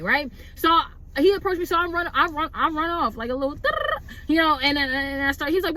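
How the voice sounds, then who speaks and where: A woman's voice: high voice, brisk. A young woman vlogger telling a personal story in a casual, rambling way, full of "like" and "bro". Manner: rambling, animated, lots of "like" and "bro".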